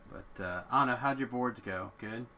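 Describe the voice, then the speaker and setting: A man's voice: mid-range voice, normal speed, bright, forceful tone, a little hiss or hum. A man streaming a game, making wry, mumbling asides to himself and chatting with a friend as he plays. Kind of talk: casual gameplay commentary.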